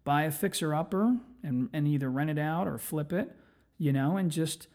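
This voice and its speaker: A man's voice: on the high side, moderate pace, darkish tone. A man hosting a solo podcast, telling rambling, profane, self-mocking stories. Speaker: podcast host. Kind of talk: casual solo storytelling.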